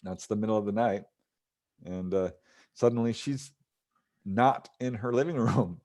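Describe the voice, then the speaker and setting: A man's voice: lowish voice, normal speed, a little mellow. Man telling a story with acted quotes. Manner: recounts cases, acting out quoted voices with chuckles. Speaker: ufologist guest. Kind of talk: casual storytelling in an interview.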